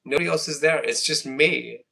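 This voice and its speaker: Male stream host, sharp bright tone, rambling jokey banter. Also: fairly high pitch, brisk, gravelly. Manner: rambling, joking, repeats himself. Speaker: livestream host. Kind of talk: casual group call chat.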